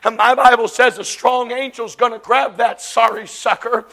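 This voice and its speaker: A woman preaching a sermon, impassioned and emphatic, swinging from loud declarations to hushed lines. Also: fairly high pitch, fairly even intonation, moderate pace, vocal fry.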